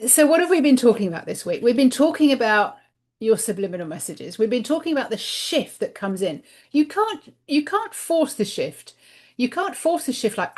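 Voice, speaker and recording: A woman's voice: fairly high pitch, sing-song, normal speed, a little mellow. A woman giving a spiritual card reading in an emphatic monologue, repeating words for stress. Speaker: spiritual card reader and channel. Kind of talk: inspirational monologue to camera.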